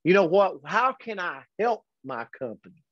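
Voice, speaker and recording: A man hosting a daily motivational pep talk, earnest and energetic, speaking directly to his audience. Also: sits high, normal speed, no echo. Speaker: host and motivational coach. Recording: dull, lo-fi dry recording.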